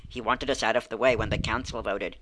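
A man's voice: on the low side, fairly even intonation, fairly quick, noisy background, natural voice. A man reading aloud, voicing a thoughtful, capable older girl in a children's mystery book.

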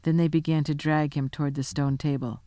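A woman narrating a children's storybook aloud with expressive, dramatic delivery. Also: low voice, brisk, dry recording. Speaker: audiobook narrator.

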